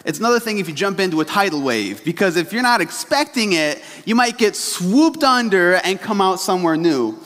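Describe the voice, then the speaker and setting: A man's voice: sits high, very animated, fairly quick, few pauses, a bit bright. A young man, a youth pastor, preaching a sermon in a church in a casual, laughing storytelling way. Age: young adult. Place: church sanctuary. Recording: hall reverb.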